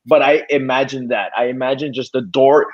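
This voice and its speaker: Male co-host, lively casual storyteller, muffled lo-fi sound. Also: mid-range voice, fairly quick. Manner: animated storyteller, swears freely. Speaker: podcast co-host. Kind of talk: casual chat. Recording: slightly dull lo-fi audio.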